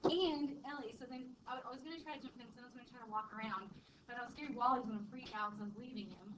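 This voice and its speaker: A woman's voice: on the high side, rapid-fire, fairly bright tone, a little hiss or hum. Chatty woman teacher, lo-fi recording. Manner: chatty, rambling, with fillers and laughs. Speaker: chemistry teacher. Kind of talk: classroom lecture and personal story. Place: classroom. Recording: dull lo-fi classroom recording.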